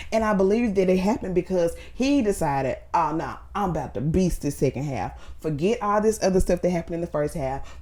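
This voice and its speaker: A woman vlogger giving an animated, slangy, faith-based motivational talk, full of fillers and repeated phrases. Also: on the low side.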